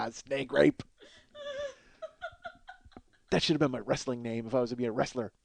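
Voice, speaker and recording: A man's voice: mid-range voice, very animated, takes it slowly, gravelly, a bit bright. A man in his forties hosting a comedy podcast, rambling through absurd running bits and laughing at his own jokes. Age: 40s.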